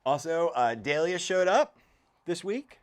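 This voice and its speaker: A man's voice: a little high, big pitch swings, unhurried. A man from Florida chatting casually on a gardening live stream, joking and talking to his cat as he walks around.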